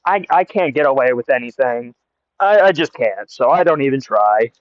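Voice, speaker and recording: A man's voice: medium pitch, expressive, moderate pace, no room sound. A young American man casually telling a rambling story outdoors into earbud mics, laughing often. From United States. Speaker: storyteller vlogger. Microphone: earbuds mic. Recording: dry, muffled lo-fi earbud recording.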